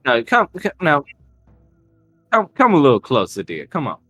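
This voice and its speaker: A man's voice: mid-range voice, huge pitch swings, moderate pace, fairly bright tone, husky, no echo, soft background music, voice pushed up, exaggerated voice. A man voicing a sly, coaxing older woman of the bayou who sniffs at strangers and eats people.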